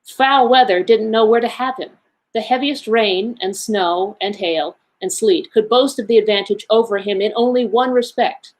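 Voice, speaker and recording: Woman, library reader, storybook read-aloud, measured, expressive, mid pitch. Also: poor audio. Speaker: library associate reading aloud.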